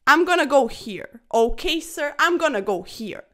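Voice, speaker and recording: A woman chess streamer giving casual, excitable commentary over fast games, chatty and a little breathless, tacking "sir" onto her sentences. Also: high voice. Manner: excitable, chatty, keeps saying "sir", laughs often.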